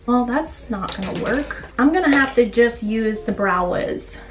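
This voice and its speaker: A woman's voice: fairly high pitch, animated, measured pace, background noise. A young woman telling a story in a chatty, slangy way while doing her makeup, as a beauty vlogger. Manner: chatty, lots of fillers and slang. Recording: echoey room, mic a bit distant.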